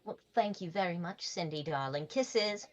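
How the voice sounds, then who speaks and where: A woman voicing a preening high school queen bee girl in a tabletop role-play, theatrical and fond of calling people darling. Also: normal speed, slight background noise, lightly acted. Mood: scheming.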